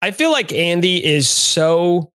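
A man's voice: sits high, very animated, slow pace, a bit bright, no echo. A man hosting a sports podcast, chatting casually with a wry, sarcastic edge.

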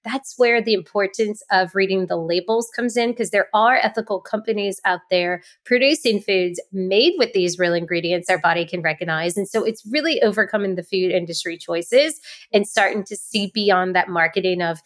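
A woman hosting a casual interview, enthusiastic and emphatic, often acting out quick quoted asides. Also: mid-range voice. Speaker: host.

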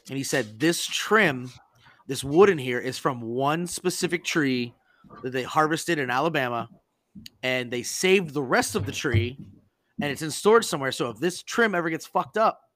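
A man hosting a podcast, telling stories in a casual, animated and profane way and acting out the people he quotes. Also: medium pitch, dry recording. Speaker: podcast host. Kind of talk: casual storytelling chat.

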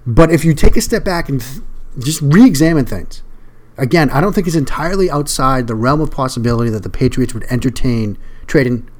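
A man's voice: mid-range voice, expressive, fairly quick, darkish tone. A man hosting a solo sports podcast, talking in a conversational, emphatic way and repeating words when he stresses a point. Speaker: podcast host.

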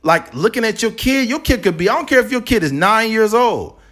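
A man's voice: high voice, brisk. Blunt, profane male podcast host. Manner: blunt, profane, animated storytelling. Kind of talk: casual podcast chat.

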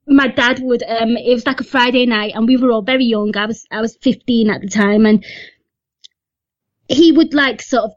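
Woman guest on a podcast, highish voice, jokey self-deprecating, dry muffled sound. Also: fairly even intonation, normal speed, no room sound. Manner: self-deprecating, chatty, laughing. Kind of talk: casual chat. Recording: dry, slightly dull lo-fi sound.

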